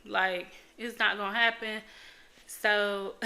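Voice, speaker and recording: A woman's voice: mid-range voice, fairly even intonation, measured pace, gravelly, noisy background. A young woman hosting her own podcast, talking frankly and bluntly in casual chat, swearing freely and leaning on fillers. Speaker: podcast host. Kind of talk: casual solo podcast talk.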